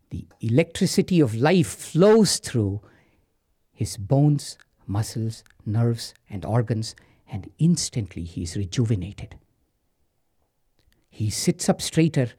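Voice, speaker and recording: A man's voice: medium pitch, warm tone, husky. A man telling a story dramatically, dropping to whispers and speaking to the listener.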